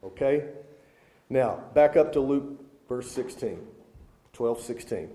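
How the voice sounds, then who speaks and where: A man's voice: medium pitch, expressive, takes it slowly, pauses often, warm tone. A man preaching a sermon to a live audience, talking to them in a conversational way and putting questions to the crowd. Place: large room with a live audience. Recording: echoey room.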